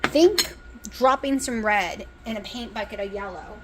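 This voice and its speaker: A woman's voice: medium pitch, a little slow, fairly bright tone, slight background noise, rough recording. A woman with a Southern US country accent, chatting casually and rambling as she cooks, sounding exhausted. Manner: chatty, rambling, talks with mouth full at times. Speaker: cooking vlogger. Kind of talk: casual chat while cooking. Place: home kitchen, indoors. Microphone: phone.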